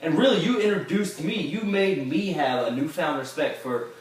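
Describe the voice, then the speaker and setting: A man's voice: on the high side, moderate pace. A man hosting a casual interview podcast, asking long, eager questions. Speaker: podcast host. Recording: echoey room, distant mic.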